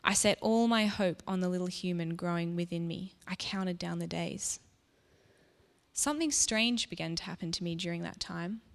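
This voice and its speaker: A woman telling a story in the first person, soft and reflective, as if confiding in the listener. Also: fairly low pitch, normal speed, gravelly. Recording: long reverb.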